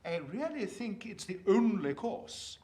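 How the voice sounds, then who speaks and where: An actor playing a polite, earnest Victorian actor rehearsing a young lead. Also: male voice, high-pitched, sing-song, measured pace, mellow. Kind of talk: period film acting.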